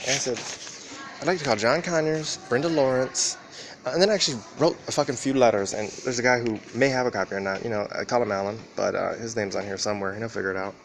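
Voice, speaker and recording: Fast-talking man rambling on a noisy train. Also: mid-range voice. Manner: profane, rambling, laughs often. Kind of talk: rambling casual monologue. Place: on a train and station platform.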